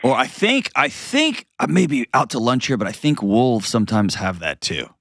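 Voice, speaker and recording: A man hosting a call-in advice show, talking in an animated way with quick asides and restarts. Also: mid-range voice, gravelly, dry recording, clean studio sound. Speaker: host giving advice.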